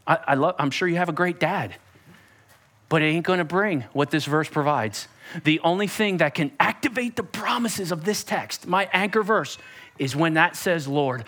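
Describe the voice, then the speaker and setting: High-voiced animated pastor preaching. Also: male voice, normal speed. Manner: animated, conversational, playful. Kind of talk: sermon.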